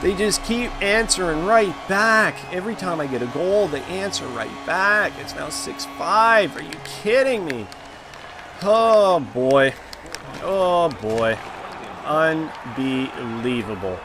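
A man's voice: fairly high pitch, expressive, takes it slowly, over music, a crowd in the background. A man giving live commentary on his own video game, groaning and exclaiming as the plays go for and against him. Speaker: gaming YouTuber.

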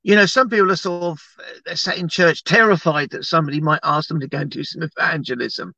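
A man acting as an evangelist teaches and prays on a livestream, talking casually, animatedly, and chattily, rambling with many restarts. His voice is a little high and his pace quick. There's no room sound, but the highs are cut off.

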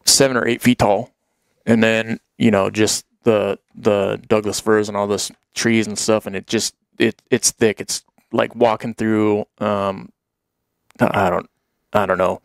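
A man's voice: lowish voice, little pitch movement, unhurried, gravelly, clear, resonant tone, dry recording, studio quality. A man telling hunting stories in a casual chat, rambling, laughing often and acting out what people said.

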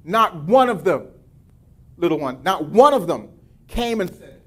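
A male pastor preaching a sermon, reading scripture and breaking off into lively asides. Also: high voice, unhurried, pauses often.

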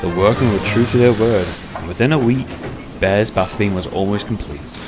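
A man narrating a children's-style railway story in a measured storytelling voice. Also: on the low side. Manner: measured, voices all the characters. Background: background music.

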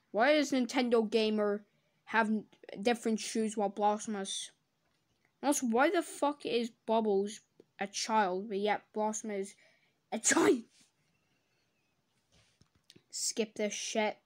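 A woman doing comedic reaction commentary, sarcastic and swearing, breaking into loud silly voices. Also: a little high, takes it slowly, pauses often. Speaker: commentator reacting to fan drawings.

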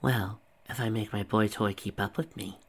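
A nonchalant, whimsical mature woman, a school principal, speaks in a low register, as a man reads her lines. The reading stays relaxed and conversational, and the voice sits below most men's. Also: moderate pace. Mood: teasing.

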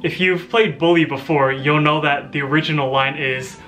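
A man's voice: fairly high pitch, steady tone, normal speed, a bit bright, faint music behind. A young man casually reacting to his own old video, amused, rambling and often laughing. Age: young adult.

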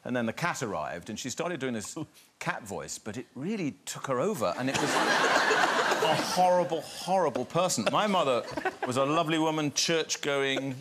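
A man's voice: medium pitch, lively intonation, normal speed, background noise. A man guest on a talk show, telling a dry, self-deprecating story. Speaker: guest actor.

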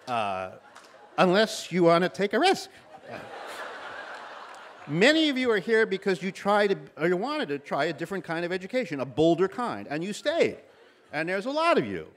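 A man in his sixties, a commencement speaker with a slightly high and a little nasal voice, tells stories and acts out the voices of people he quotes. There's slight background noise.

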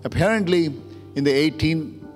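A man's voice: fairly high pitch, normal speed. A man pastor telling a story in a sermon, emotional and building to urgent preaching. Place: church sanctuary. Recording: long church hall reverb, music underneath.

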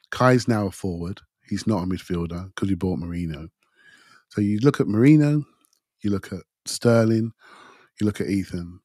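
Guy on a footy pod, blunt, lowish voice, bit dry. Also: darkish tone, no room sound. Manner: blunt and emphatic, says mate. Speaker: podcast pundit. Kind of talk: casual football chat.

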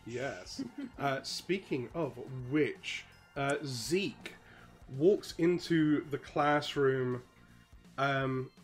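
A man narrating as game master of a tabletop role-playing game, relaxed and full of fillers. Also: medium pitch, very slow, faint music behind.

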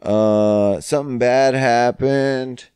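A man's voice: medium pitch, steady tone, takes it slowly, mellow, clean tone, no room sound, clean studio sound, lightly acted. A man putting on the voice of a whiny broke man pleading for money, in a mocking way. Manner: pleading, mock-pitiful.

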